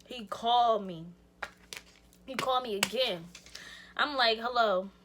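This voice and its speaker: A woman's voice: fairly high pitch, measured pace, noisy background. A young woman vlogger telling a rambling, slangy story in a casual chat with lots of "like" and restarts. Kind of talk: casual storytime while getting ready.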